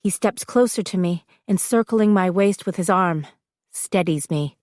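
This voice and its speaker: A woman narrating a first-person audiobook in a measured, reflective way. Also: on the low side, a little mellow, no echo, clean studio sound.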